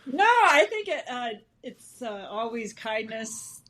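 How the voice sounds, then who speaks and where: A podcast co-host talking earnestly and gently in a casual chat. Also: medium pitch, sing-song, takes it slowly.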